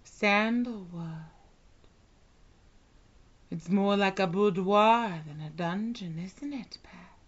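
A woman in a whispered role-play who talks with a very slow, unhurried pace, drawing out each word in a soft, commanding tone. Her pitch sits mid-range for a woman, and the whole thing comes through a dull, lo-fi recording. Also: husky. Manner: slow, soft, commanding, drawn-out hypnotic delivery. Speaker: hypnotist in a dominant role-play.

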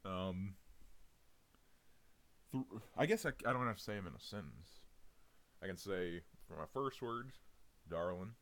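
A man's voice: low-pitched, big pitch swings, unhurried, pauses often, fairly bright tone. A man doing a casual audio reading challenge, rambling and chuckling between words. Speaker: audio content creator.

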